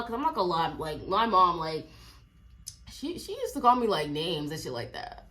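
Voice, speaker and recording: A woman in her twenties telling a casual storytime, chatty and animated, with lots of filler likes. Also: lowish voice, fairly quick. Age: 20s. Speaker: vlogger.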